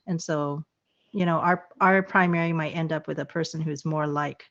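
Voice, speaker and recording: A woman's voice: fairly low pitch, steady tone, normal speed, creaky. A woman hosting a podcast, asking a guest questions hesitantly, with many fillers and rephrasings. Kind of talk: podcast interview. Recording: dull lo-fi audio.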